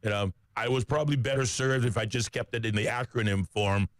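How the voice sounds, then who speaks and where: A man's voice: medium pitch, a little fast, no room sound. A man co-hosting a radio talk show. He reads sports news in a conversational way, with frequent "uh" fillers and self-corrections.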